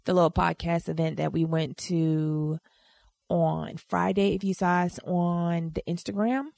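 Gravelly low-voiced woman, laughing and teasing. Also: little pitch movement, measured pace, a little mellow, dry recording, studio quality. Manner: playful and teasing, laughs often. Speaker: podcast co-host. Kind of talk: casual chat.

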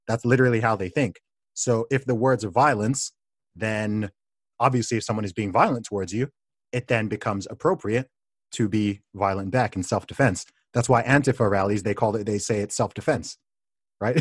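A man's voice: fairly low pitch, moderate pace, no echo. A man hosting a casual conversation, explaining his views emphatically with frequent restarts.

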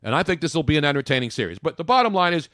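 A man hosting a sports talk podcast, opinionated and jokey, swinging from loud bursts to low muttering. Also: very animated, racing, no room sound, clean studio sound.

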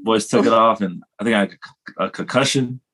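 A man's voice: fairly low pitch, a little fast, fairly bright tone, slightly rough. A man telling self-mocking stories in a casual chat, rambling and laughing at himself.

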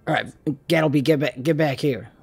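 A tabletop game player talking in character, brisk and giving orders. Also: medium pitch, vocal fry, breathy edge, soft background music.

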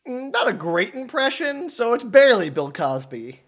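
A man's voice: extremely high pitch, very animated, normal speed, fairly bright tone. A man co-hosting a podcast in casual chat, asking dry, puzzled questions. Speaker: podcast co-host.

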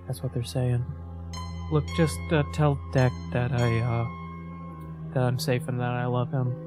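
A man voicing Max, a nervous and emotional young man in a tabletop game, talking haltingly. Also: medium pitch, level tone, lightly acted. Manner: halting, hesitant. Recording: background music.

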